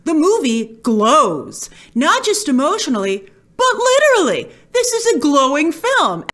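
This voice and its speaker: A woman film critic doing movie review commentary, gushing and emphatic one moment and flatly dismissive the next. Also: high-pitched, measured pace.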